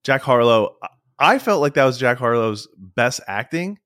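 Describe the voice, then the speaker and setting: Excitable man with a lively voice. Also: medium pitch, normal speed, no echo, studio quality. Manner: excitable, stammers on restarts, says like a lot. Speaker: podcast co-host. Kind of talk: casual podcast chat.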